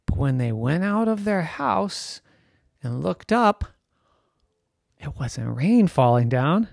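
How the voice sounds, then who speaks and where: Playful slow bedtime storyteller man. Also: gravelly, no echo, studio quality. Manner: playful, slow and lively, jumping up high for excited children's voices.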